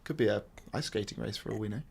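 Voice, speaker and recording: A man's voice: on the low side, vocal fry, darkish tone. A man co-hosting a podcast, joking and chatting casually. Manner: jokey, fast-talking. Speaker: podcast co-host.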